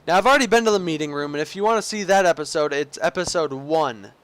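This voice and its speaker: Recorded dry, this young man's fairly high, slightly bright, clean voice moves fast. He's doing let's play commentary, reading the game's narration aloud himself in a goofy, rambling manner full of slips and restarts.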